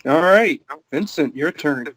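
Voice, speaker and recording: A man's voice: fairly high pitch, animated, unhurried, a bit bright, poor audio. A man moderating a session, polite, brief and a little apologetic. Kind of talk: casual moderating.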